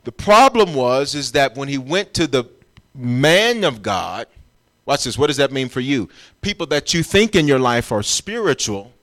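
A man's voice: mid-range voice, sing-song, moderate pace, fairly bright tone. A man preaching a sermon as pastor, emphatic and urging his congregation along as he explains scripture. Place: church.

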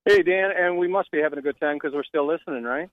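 A man calling in to a political talk radio show, talking in a halting, conversational way over the phone. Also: a little high, no room sound. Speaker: caller. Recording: tinny phone line.

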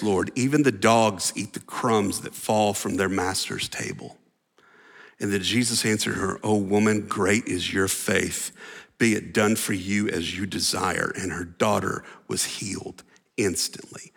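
A man preaching a sermon as pastor, animated, acting out voices and dropping at times to a near whisper. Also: fairly low pitch, vocal fry, husky. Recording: long reverb of a large hall.

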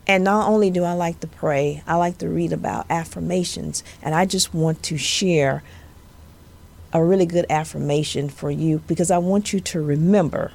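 A woman in her fifties speaks with a northern Louisiana Southern accent, her lowish voice carrying a gravelly edge. She hosts a podcast in an earnest, motivational way, stacking up emphatic repeated phrases like a preacher. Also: normal speed, a little mellow. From Louisiana, USA. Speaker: podcast host, civil rights attorney.

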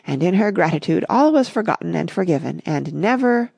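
A prim, wordy male servant from a storybook, read by a woman, deferential and measured. Her husky voice sits low with a gravelly edge. The recording is dry. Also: expressive, a little mellow, no echo, exaggerated voice.

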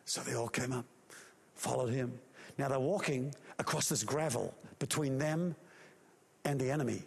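A man preaching a sermon, telling a story with animated, acted-out voices and sound effects. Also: medium pitch, moderate pace, gravelly, big-room sound.

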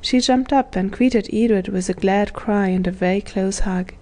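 Woman, audiobook narrator, mellow warm tone, steady storytelling, light character voices. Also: mid-range voice, measured pace, few pauses. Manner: reads with gentle character voices. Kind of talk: scripted narration.

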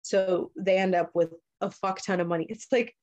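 A young woman telling a story in easygoing, profane chat. She drops into quick little voices for each character, then goes straight back to her ordinary middle-pitched voice. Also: fairly even intonation, darkish tone, lo-fi sound. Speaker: podcast host retelling a story. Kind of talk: casual chat.

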